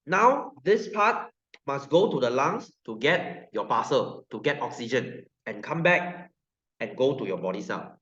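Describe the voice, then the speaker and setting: A man's voice: medium pitch, very animated, unhurried, a bit bright. A male science teacher with a Malaysian English accent giving a classroom lecture, joking and constantly quizzing his students. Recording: roomy, dull sound.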